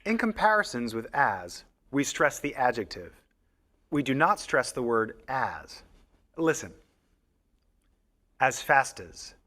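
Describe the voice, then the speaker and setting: A lively pronunciation coach. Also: male voice, mid-range voice, full character voice. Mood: instructive. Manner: clear, measured model pronunciation. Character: friendly adult male pronunciation coach. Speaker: pronunciation coach in a course video. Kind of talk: scripted instructional narration.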